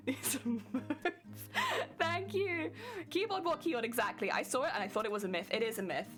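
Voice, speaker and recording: A woman's voice: on the high side, sing-song, normal speed. A young British woman chatting casually on a live crafting stream, giggly and sleepy, thanking viewers by name. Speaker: cosplay streamer. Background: guitar music playing.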